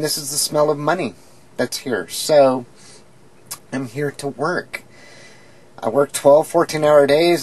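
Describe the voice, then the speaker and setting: A woman's voice: deep voice, a little hiss or hum. A woman chatting candidly in a casual, rambling video diary from her bedroom. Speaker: video diarist. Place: home bedroom, indoors.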